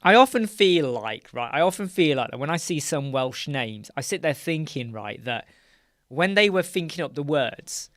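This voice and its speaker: A man hosting a live question-and-answer stream in casual chat, rambling and jokey as he tells stories from a dark soundproofed room. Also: fairly high pitch, dry recording, clean studio sound. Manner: rambling, jokey, animated storytelling. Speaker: host of a live web-design Q&A.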